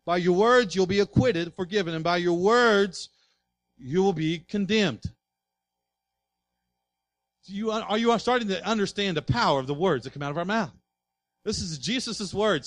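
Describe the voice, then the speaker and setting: A male pastor delivering a sermon, emphatic, swinging from quiet asides to loud passages and asking the congregation rhetorical questions. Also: high-pitched, no room sound.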